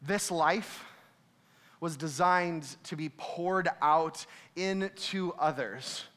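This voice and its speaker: A young man preaching a sermon, animated, who laughs and acts out quoted voices. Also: on the high side, very slow. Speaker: pastor.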